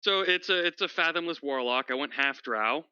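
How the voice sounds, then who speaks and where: Bright clear guy joking around with his d and d group, dull lo-fi mic sound. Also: a little high, normal speed, no echo. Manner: joking and animated. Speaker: tabletop game player. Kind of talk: casual chat between players.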